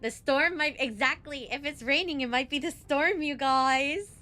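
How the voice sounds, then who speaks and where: A woman's voice: high voice, normal speed, sharp tone. Chatty giggly young woman streamer. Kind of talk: casual game stream chat.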